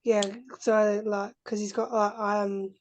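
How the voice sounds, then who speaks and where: A woman's voice: medium pitch, flat delivery, slow pace, highs cut off, slight background noise. A woman, a parent on a coaching video call, talking hesitantly with lots of fillers. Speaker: client parent.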